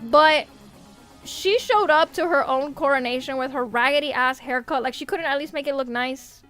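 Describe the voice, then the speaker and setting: A woman VTuber streamer with a high, slightly bright voice chats casually on a livestream at a moderate pace, with faint music playing behind her. She rants animatedly, swears a lot, and laughs often.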